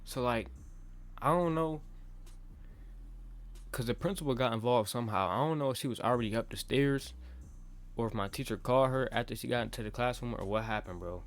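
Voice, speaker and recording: A young man narrates a personal story in a relaxed vlog monologue. His talk is full of slang and swearing, and it runs on in loose bursts with frequent restarts. He keeps checking in with the listener as he goes. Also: medium pitch, brisk, long pauses. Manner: talks in loose run-on bursts with many restarts. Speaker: vlogger.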